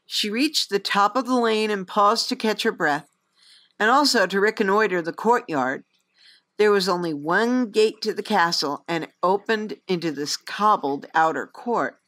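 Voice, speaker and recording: A woman reading a fantasy novel aloud in an expressive, lively storybook narration. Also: mid-range voice, normal speed. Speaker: audiobook reader.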